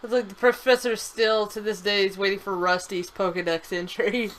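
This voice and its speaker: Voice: mid-range voice, fairly even intonation, moderate pace, a bit bright, a little hiss or hum, poor audio. A young adult co-host chatting casually on a game stream, giggly and a bit stumbling. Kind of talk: casual gameplay chat.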